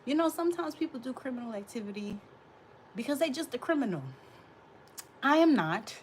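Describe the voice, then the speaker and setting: Quick and animated, this woman in her thirties speaks in a high voice with a darkish tone while hosting a casual livestream. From a hot room she laughs and talks back to her chat with plenty of sass, and slight background noise is audible.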